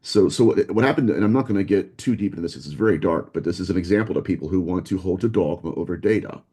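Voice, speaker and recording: A man, a guest researcher, telling stories in a casual conversation, quick and animated, acting out the people he quotes. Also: low-pitched, slightly rough. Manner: animated, fast storyteller who acts out quotes. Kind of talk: casual storytelling in a podcast conversation.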